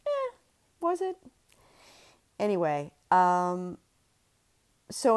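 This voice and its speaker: A woman's voice: sits low, darkish tone. A woman hosting a writing podcast, talking casually about fiction craft with fillers and asides. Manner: chatty, reflective, with fillers and asides. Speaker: writing teacher and podcast host.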